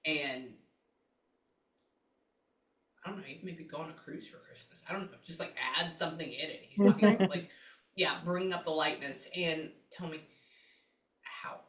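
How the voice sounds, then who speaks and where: A woman working as a psychic medium, talking casually with clients and thinking aloud with frequent pauses and asides. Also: low voice, distant mic. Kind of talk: casual session talk. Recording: roomy, from off the mic.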